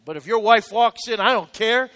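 A man's voice: high-pitched, moderate pace, fairly bright tone, long reverb tail. A man preaching a sermon as pastor, with emphatic, repetitive exhortation.

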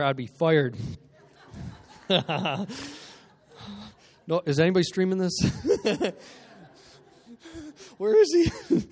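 A man preaching a lively sermon in a church, energetic and joking, calling out to the congregation. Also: fairly high pitch. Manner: energetic, joking, call-and-response. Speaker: guest preacher.

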